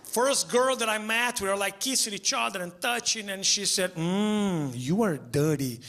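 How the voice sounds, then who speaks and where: A man's voice: sits high, moderate pace. A man performing a stand-up comedy set, acting out the voices in his stories. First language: Portuguese. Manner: animated storytelling, acts out voices, shouts for punchlines. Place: theater stage before a live audience.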